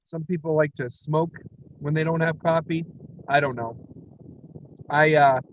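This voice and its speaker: A man's voice: fairly high pitch, fairly even intonation, measured pace, muffled recording, slight background noise. A man livestreaming from his parked car, rambling energetically with frequent laughs and self-deprecating asides. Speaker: comic creator livestreaming. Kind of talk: rambling solo livestream chat.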